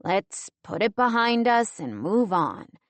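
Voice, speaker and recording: A woman's voice: medium pitch, sing-song, takes it slowly, dry recording. A woman voicing a grown man, a worried boyfriend who presses and pleads, in an audiobook. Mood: insistent. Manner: pressing, then gently pleading.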